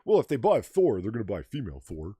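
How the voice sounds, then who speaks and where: A man's voice: on the low side, wildly swooping pitch, fast, warm tone, slightly rough, dry recording, clean studio sound. A man hosting a casual livestream chat, ranting sarcastically and swearing freely. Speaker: podcast host.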